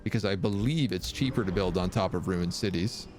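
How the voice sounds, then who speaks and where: A low-pitched, darkish voice with a brisk pace belongs to a man from Canada streaming a strategy game. He chats casually during the live gameplay commentary, reading viewers' messages aloud and responding. A little hiss or hum can be heard.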